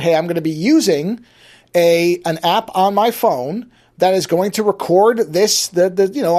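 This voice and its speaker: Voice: mid-range voice, darkish tone. Chatty podcast host thinking aloud. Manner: conversational, thinking aloud with frequent restarts. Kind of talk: solo daily podcast monologue.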